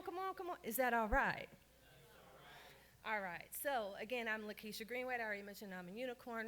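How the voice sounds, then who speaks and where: Woman speaker, fired-up workshop leader, works the crowd, mid-pitched voice. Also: a little hiss or hum. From Baltimore, Maryland. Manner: lively, hypes the audience with calls for applause. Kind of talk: energetic interactive workshop talk. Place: conference room with audience.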